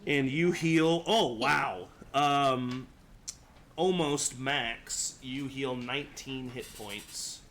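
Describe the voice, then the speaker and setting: A man's voice: mid-range voice, very slow, a bit bright, slight background noise. A man narrating a tabletop game as game master, casual and laid-back, chuckling often.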